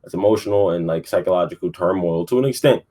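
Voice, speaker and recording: Casual male podcast host with a deep voice, rambling, sleepy, swears a lot. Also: fast, mellow. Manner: rambling, profane, lots of fillers. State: yawning, sleepy. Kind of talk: casual sports talk.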